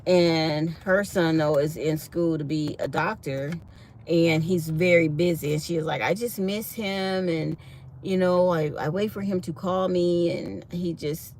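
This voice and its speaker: A middle-aged woman vlogging a casual morning chat from her truck, telling stories in an animated, chatty way. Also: fairly low pitch, a little hiss or hum.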